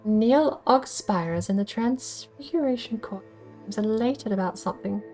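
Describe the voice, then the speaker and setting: A woman's voice: medium pitch, normal speed, warm tone, faint music behind. A woman streamer casually talking through a video game, wry and self-mocking, thinking aloud. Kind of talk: casual gaming livestream commentary.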